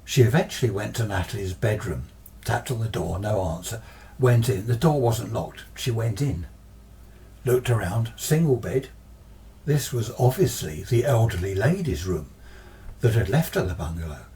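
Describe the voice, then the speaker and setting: A man's voice: fairly low pitch, expressive, normal speed, mellow, far from the mic, a little hiss or hum. A man retelling a ghost story in a casual, meandering way as the storyteller.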